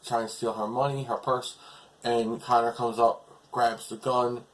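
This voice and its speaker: A man's voice: mid-range voice, little pitch movement, a little slow, rough recording. A man casually retelling a TV episode as a reviewer, rambling along with lots of fillers.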